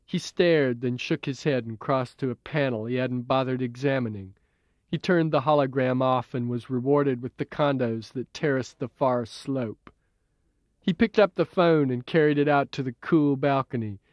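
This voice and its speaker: A man reading his own novel as an audiobook in a measured, even way, heard as dull old tape. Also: mid-range voice, no room sound. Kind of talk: audiobook narration.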